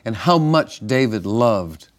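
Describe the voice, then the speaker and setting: A man, a pastor, co-hosting a ministry broadcast, telling stories in a relaxed way with restarts and chuckles. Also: medium pitch, slow pace. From northern United States. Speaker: pastor and co-host. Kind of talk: casual ministry broadcast chat.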